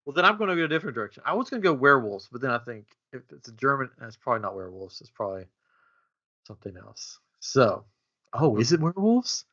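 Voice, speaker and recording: A man's voice: medium pitch, fast talker, lo-fi sound. A man hosting a comedy game show, telling an improvised story with lots of laughter. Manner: animated, laughing, puts on voices. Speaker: host.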